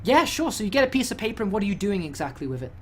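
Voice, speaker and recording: A man's voice: high-pitched, very animated, racing, slight background noise. Brief: rambling man running a tabletop session, many restarts. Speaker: game master. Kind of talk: narrating a tabletop game.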